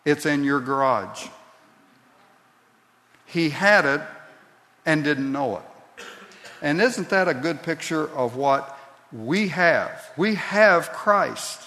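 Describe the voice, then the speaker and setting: A man preaching a sermon as pastor, slow and deliberate, building to emphatic peaks. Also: on the high side, lively intonation, sharp tone. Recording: long reverb of a large hall.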